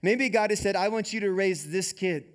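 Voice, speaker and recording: Male pastor, high voice, chatty animated sermon delivery. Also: normal speed. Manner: conversational, animated preaching with repeated "like".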